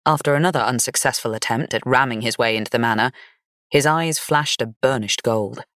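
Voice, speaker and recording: A woman narrating a gothic fantasy romance audiobook in an even, measured storytelling manner. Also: extremely low pitch, no room sound, studio quality.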